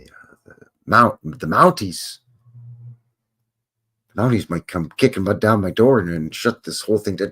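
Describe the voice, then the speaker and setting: A man's voice: low-pitched, a bit bright, slightly rough. A man hosting a live stream, talking casually over old photos with joking, rambling, wry asides. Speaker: livestream host.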